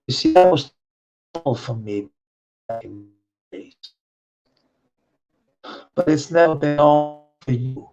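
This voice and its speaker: Slow, gravelly man rambling profanely. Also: medium pitch, animated, over music. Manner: profane, rambling, laughs between thoughts. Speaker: vlogger. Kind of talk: rambling personal monologue. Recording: dull lo-fi recording.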